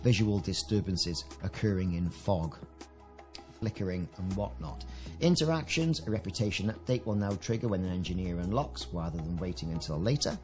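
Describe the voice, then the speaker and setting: Chatty British man with a low voice. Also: normal speed, darkish tone, soft background music. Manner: chatty, enthusiastic asides while reading patch notes. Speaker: gaming video creator. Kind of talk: casual game update commentary.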